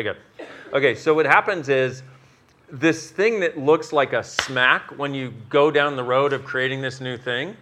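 A man's voice: mid-range voice, bright, forceful tone. A man leading a live class, talking animatedly, acting out inner voices, swearing and laughing at his own jokes. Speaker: workshop facilitator. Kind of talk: live workshop talk. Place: class in front of an audience.

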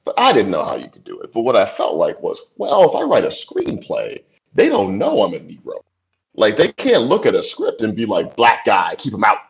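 His mid-range voice swoops wildly in pitch, with vocal fry, at a normal speed. He's a forties-aged screenwriter telling loose, chatty stories in an interview, dropping "like" and "you know" and laughing easily. It comes through a dull, lo-fi recording.

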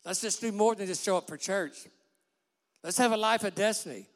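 A man preaching a sermon with passion, dropping to a hush for quoted words. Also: high-pitched, moderate pace. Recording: long hall reverb.

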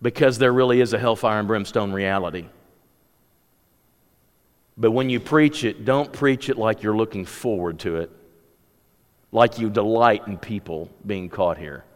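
A man's voice: lowish voice, a little slow, long pauses. A man preaching a sermon, conversational at times and rising to impassioned exhortation. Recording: long hall reverb.

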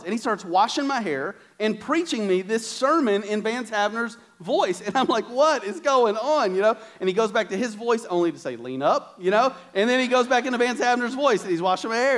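A man preaching a sermon to a church congregation, telling a funny personal story with quoted asides before he turns to scripture and prayer. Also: high-pitched.

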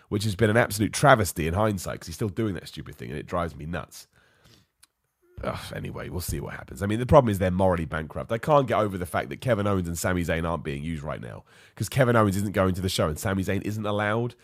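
A man runs a live wrestling podcast while ill, his voice half gone. He rants with strong opinions, his fairly low voice swooping up and down. The sound is dry and close. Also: quick pace, no room sound. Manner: opinionated, ranty, lively. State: ill, voice going. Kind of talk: live-streamed podcast rant.

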